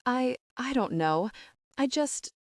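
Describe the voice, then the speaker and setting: A woman's voice: high voice, expressive, slow pace, dry recording, studio quality, pitched above the performer's own voice, full character voice. A woman voicing an indignant, flustered young woman who gets defensive and stammers, in an audiobook reading.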